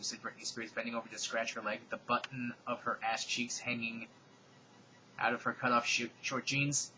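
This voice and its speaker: A man giving a comedic, dramatic reading of fan fiction, with deadpan, sarcastic asides. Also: medium pitch, moderate pace, a little hiss or hum, low-quality recording.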